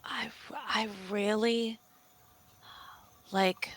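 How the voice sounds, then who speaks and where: Woman, role-play player, bright tone, hesitant delivery. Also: on the high side, little pitch movement, a little hiss or hum. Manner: hesitant, halting. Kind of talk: in-character tabletop role-play.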